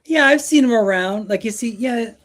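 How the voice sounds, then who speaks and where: A man's voice: extremely high pitch, moderate pace, a bit bright. A man from the United States talking casually as a guest, rambling with many fillers and restarts. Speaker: guest, Mets fan. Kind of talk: casual chat.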